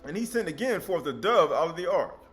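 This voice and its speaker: A man delivers a casual sermon in a fairly high voice, mixing scripture readings with street-talk asides and rhetorical questions. Faint music plays quietly beneath him. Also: sing-song, a little fast. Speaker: preacher. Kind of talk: informal sermon teaching.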